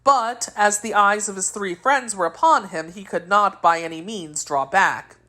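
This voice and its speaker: A woman narrating a classic novel at a measured, even pace. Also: mid-range voice. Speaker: audiobook narrator.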